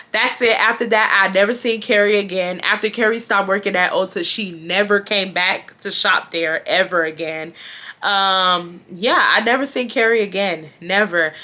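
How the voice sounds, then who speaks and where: A young woman from Houston, telling a storytime to her viewers in a blunt, animated way. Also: mid-range voice. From Houston, USA. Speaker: vlogger. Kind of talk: casual storytime monologue.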